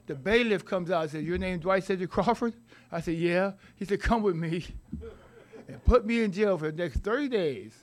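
A middle-aged man telling his own recovery story in a rambling, halting way with wry humor. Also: sits high, animated. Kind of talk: personal recovery story told to an audience.

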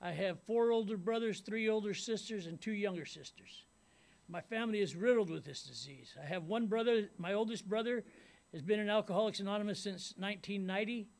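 A man's voice: high voice, creaky. A middle-aged man speaking at a recovery meeting, talking in a rambling, casual way and often tagging on "man" and "you know what I mean.". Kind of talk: personal recovery talk to a meeting. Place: meeting room before a live audience.

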